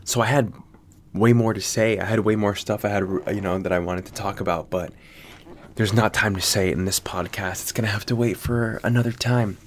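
American guy with a lowish voice rambling and cussing on his podcast, faint hum behind. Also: fairly even intonation, a little fast. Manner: rambling, swears freely, lots of fillers. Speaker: podcast host. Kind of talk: casual podcast monologue. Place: Sydney.

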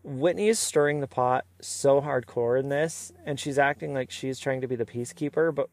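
A man hosting a casual, opinionated recap of a reality show, sometimes mimicking the cast in quick asides. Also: medium pitch, no room sound. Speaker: recap host.

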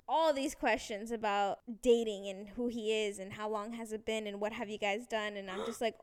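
A woman's voice: a little high, brisk, few pauses, clear, resonant tone. A young woman from Canada, telling a story in casual chat, acting out quotes and swearing often.

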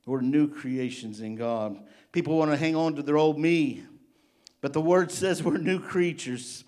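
A man's voice: on the high side, animated, measured pace, darkish tone. A man preaching a midweek sermon as pastor, impassioned and emotional, with rising exclamations. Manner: emotional and tender-hearted.

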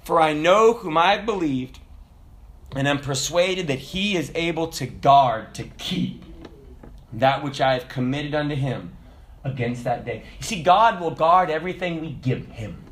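A man preaching a sermon in an animated way, swinging from loud exclamations to hushed asides. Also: a little high, measured pace.

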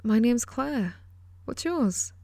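Sweet, crooning young heroine around twenty, gentle and calming , as a female narrator plays her, dry close sound. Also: on the high side, slow, vocal fry, no echo, voice pushed up, exaggerated voice. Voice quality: sweet, musical voice. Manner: soothing, crooning. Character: young woman around twenty, brave, kind, soothing.

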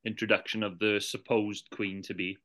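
A man's voice: on the low side, flat delivery, moderate pace, sharp tone. A man co-hosting a casual film chat, teasing his friends and swearing casually. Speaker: podcast co-host.

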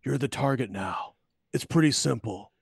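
A man doing a movie-star impression of a grim, weary male hitman, speaking in terse, clipped lines with a husky murmur. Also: medium pitch, normal speed, dry recording, studio quality.

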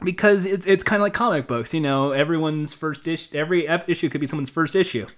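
A man's voice: a little high, fast talker. A man co-hosting a podcast, talking casually and playfully, often slipping into comic bits. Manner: animated, playful, doing bits. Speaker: podcast co-host.

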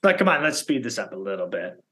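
A man's voice: fairly low pitch, sing-song, fast talker, sharp tone. A man in casual podcast chat, joking and slipping into silly bits. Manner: jokey, drifts into silly voices and song. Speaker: podcast co-host.

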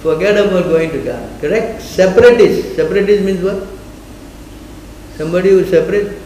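Speaking a little fast in a warm, high-sitting voice, a man teaches a scripture class and repeatedly asks his listeners to answer his questions. Faint noise and echo from the room are present.

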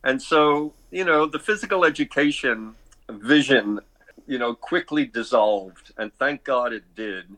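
A man's voice: mid-range voice, unhurried, bright, forceful tone, no echo. Older man telling stories with chuckles. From Brooklyn, New York. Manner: rambling, anecdotal, chuckling. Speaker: guest, artist and director. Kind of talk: casual interview storytelling.

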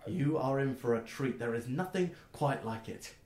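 A man's voice: medium pitch, lively intonation, normal speed, darkish tone, natural voice. A man voicing a cheerful young female gnome driver who is bubbly and welcoming. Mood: chatty. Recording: roomy echo.

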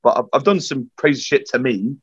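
A young man tells a rough, sweary army story with energy, jumping into the voices of the people in it. His voice sits at an ordinary middle pitch. The recording is dull and lo-fi. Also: brisk, no echo. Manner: sweary, animated storyteller acting out quotes. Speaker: podcast guest. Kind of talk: casual storytelling. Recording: dull lo-fi sound.

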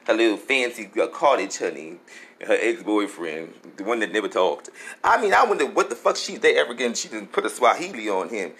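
A man's voice: on the low side, sing-song, a little fast, a bit bright, roomy sound, rough recording. A man delivering a sassy, campy comic gossip monologue, laughing often and calling everyone honey and girl.

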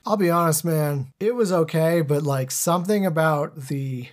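A man hosting a podcast, chatting casually about a movie in a loose, rambling way, with lots of fillers and quick impressions of lines. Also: on the high side. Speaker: podcast host. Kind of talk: casual movie-discussion chat.

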